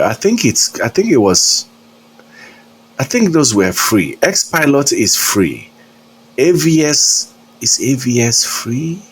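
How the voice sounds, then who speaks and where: A man talks casually to his stream audience while flying a simulator. His voice sits low and his delivery is slow, full of hesitations and small chuckles, with a faint hum of noise behind him. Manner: rambling, hesitant, chuckles often. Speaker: flight sim streamer. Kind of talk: casual live-stream chat.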